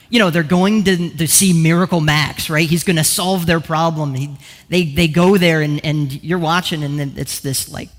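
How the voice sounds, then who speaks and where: Man preaching casually in an echoing hall. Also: on the high side. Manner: casual, animated storytelling with asides. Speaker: pastor. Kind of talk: sermon.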